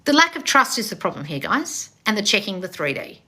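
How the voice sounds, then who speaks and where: A woman manifestation coach on a live stream, loud and passionate, blunt and confrontational, swearing freely and calling listeners darling. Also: mid-range voice, very animated, a little fast. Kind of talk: live-streamed coaching with read-out viewer questions.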